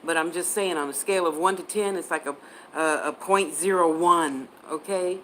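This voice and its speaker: Chatty psychic woman, low voice. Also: normal speed, a bit bright, slight background noise, poor audio. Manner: chatty, answers viewer comments, spells words out. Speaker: psychic reader on a livestream. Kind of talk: casual livestream chat.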